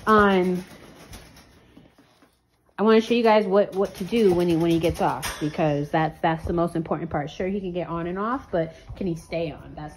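A woman talking viewers through her dog's training in a relaxed, chatty way. Her voice sits in a middle range and stays calm as she explains. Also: mid-range voice, a little hiss or hum. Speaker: dog handler training her dog. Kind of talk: casual training vlog.

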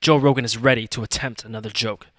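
A man reading scripted narration for a commentary video in an even, explanatory way. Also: medium pitch, fast, slight background noise. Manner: even, explanatory voice-over delivery.

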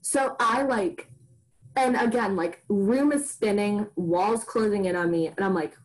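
A woman's voice: a little high, expressive, normal speed, rough recording. A young adult woman, co-hosting a podcast, telling a personal story in a rambling, casual way, with "like" in nearly every phrase. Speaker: podcast co-host. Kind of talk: casual chat.

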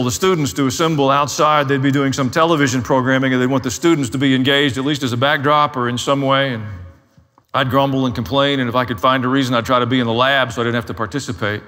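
A man's voice: mid-range voice, fairly even intonation, fast talker, a bit bright, in a large hall. A man preaching a sermon as a pastor, telling his own story in a candid, self-deprecating way.

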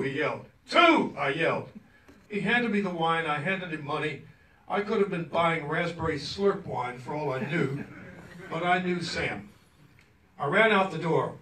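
At a cultural center event hall, an Arkansas man appearing as guest speaker reads aloud from his own story with wry humor and frequent chuckles. He talks at normal speed in a fairly high, fairly bright voice, recorded from a distance in a roomy space.

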